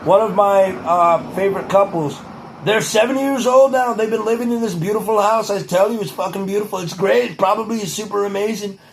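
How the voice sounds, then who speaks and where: Young male vlogger, high-pitched, casual and profane, leans on a pompous repeated "truly". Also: fairly quick, vocal fry, a little hiss or hum, low-quality recording. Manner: profane, repeats "truly", drifts into a mock-presidential cadence. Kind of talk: rambling casual monologue to camera.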